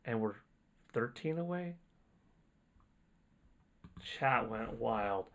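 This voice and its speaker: Excitable male streamer with lively pitch. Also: drawn-out words, creaky. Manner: excitable, exclaiming, rambling. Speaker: livestream host. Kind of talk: casual livestream chat, reading donations.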